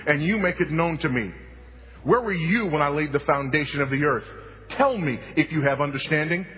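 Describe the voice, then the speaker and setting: In a church sanctuary, a pastor delivers a sermon at a slow, weighty pace, repeating points for emphasis and moving between hushed and loud. His voice is a little high for a man. The audio is muffled and lo-fi, with long reverb off the walls and faint music underneath.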